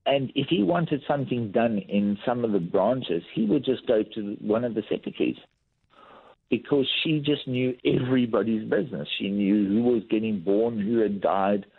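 A man's voice: on the low side, normal speed, gravelly, slightly rough. A man, a lifestyle coach, telling workplace anecdotes in a podcast interview, acting out what people said. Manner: animated anecdotal storytelling with acted-out quotes. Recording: tinny phone-like line.

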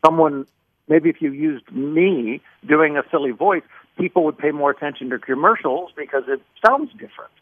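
A man's voice: a little high, moderate pace, dry recording. A middle-aged man from Kansas City, a voice actor, telling a rambling story on a phone call, full of restarts and fillers. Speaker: voice actor guest. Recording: tinny phone line, dry.

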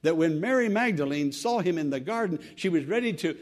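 Earnest, lively preaching man. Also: on the high side, fairly quick. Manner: earnest, emphatic, rising to exclamations. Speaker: pastor. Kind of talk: sermon.

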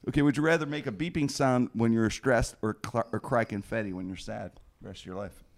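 A man's voice: mid-range voice, fairly quick. A man co-hosting a podcast in casual, playful banter, often mimicking silly sounds, recorded in a wine cellar. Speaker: podcast co-host.

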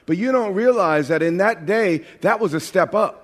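A man from New York preaching with a high, bright-pitched voice and a lively, joking delivery that stumbles over repeated words. His sermon rings out through a large church sanctuary with a long, lingering reverb. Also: normal speed. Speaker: pastor.

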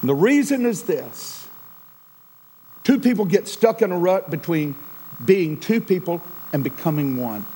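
A middle-aged man preaching a sermon as a pastor, swinging from loud emphasis to a near-whisper. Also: sits high, sing-song, a little slow, slightly rough, low-quality recording.

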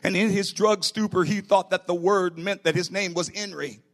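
A man's voice: high voice, steady tone, moderate pace, fairly bright tone. A middle-aged man preaching a sermon in a church as pastor, building to emphatic bursts.

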